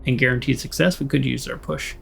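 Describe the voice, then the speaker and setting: A man's voice: mid-range voice, steady tone, fast, vocal fry, fairly bright tone, soft background music. An American man casually playing through a story game, reading the text aloud and rambling in jokes between choices. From United States. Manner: rambling, joking, with restarts. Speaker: let's play host.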